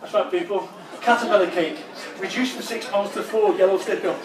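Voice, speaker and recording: A man's voice: high-pitched, fairly quick, crowd noise. Blunt man in a roomy hall. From northern England. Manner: punchy, blunt, swears for emphasis. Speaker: motivational speaker. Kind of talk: motivational keynote talk. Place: large expo hall. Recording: roomy hall, voice far from mic.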